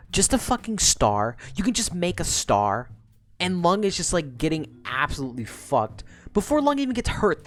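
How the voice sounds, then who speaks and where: Woman streamer recapping a story, swears constantly, laughs a lot, bouncy voice. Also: deep voice. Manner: profane, animated, laughs often.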